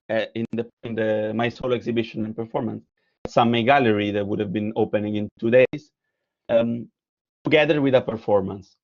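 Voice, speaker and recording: A man's voice: mid-range voice, darkish tone, lo-fi sound. Italian-accented man giving an art lecture. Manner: hesitant, with frequent fillers and restarts. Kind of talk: lecture presenting slides, partly read aloud.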